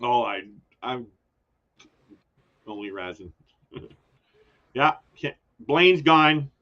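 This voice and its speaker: A man's voice: medium pitch, expressive, very slow, pushed and bright, lo-fi sound. An older man with a New York accent, chatting casually as a guest on a livestream and laughing often.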